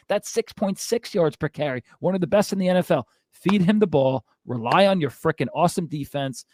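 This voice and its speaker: A man's voice: fairly high pitch, animated, brisk, few pauses, a little mellow, no room sound. Fired-up male sports show host. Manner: fired-up, exasperated ranting with frequent asides. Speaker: fantasy football show host. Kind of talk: heated sports rant to a co-host.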